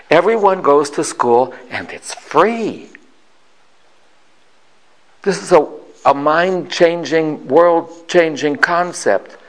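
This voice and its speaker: Animated older man telling a family story. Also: fairly high pitch, low-quality recording. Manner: animated, dramatic pauses.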